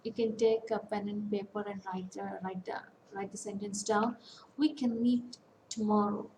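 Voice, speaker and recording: A woman giving an online lecture, slowly listing example words one by one with pauses. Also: mid-range voice, level tone, warm tone, reverberant, a little hiss or hum, rough recording. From India. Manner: slow, deliberate, lists words one by one with pauses. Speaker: academic counsellor. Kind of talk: online lecture on English phonetics.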